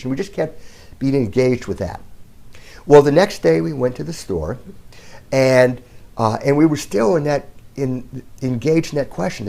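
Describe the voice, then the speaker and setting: A middle-aged man with a gravelly, creaky edge to his voice tells a story in a calm, earnest way. His pitch rises and falls freely, and he talks straight to the camera as a self-help speaker. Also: moderate pace. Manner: calm, earnest storytelling with lively ups and downs. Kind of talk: talking to camera, telling a story.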